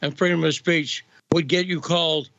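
A man's voice: on the high side, steady tone, normal speed, gravelly, a bit bright, no echo, highs cut off. A man hosting a radio show, asking conversational, leading questions. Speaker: radio host. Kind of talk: radio interview.

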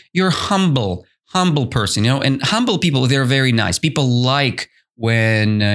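Slow-talking male teacher. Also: medium pitch, fairly bright tone. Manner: chatty and encouraging, with frequent fillers. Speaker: English teacher. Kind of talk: podcast lesson explaining a story.

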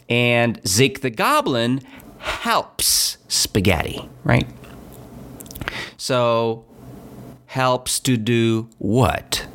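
Slow, sing-song male English teacher. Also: mid-range voice, fairly bright tone. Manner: repeats and checks understanding with "right?" and "okay?". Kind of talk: slow classroom storytelling lesson.

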